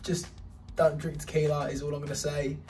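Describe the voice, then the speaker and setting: A young Englishman talks straight to the camera in a loose, joking vlog style, his voice sitting a little high for a man. Music plays underneath him. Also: flat delivery, a little fast, a little mellow. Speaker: vlogger. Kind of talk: casual travel vlog.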